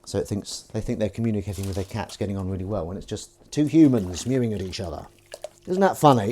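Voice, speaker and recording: A man with a lowish, somewhat dark voice hosts a live stream from his home kitchen while washing dishes at the sink. He chats casually and playfully, slipping into sing-song voices.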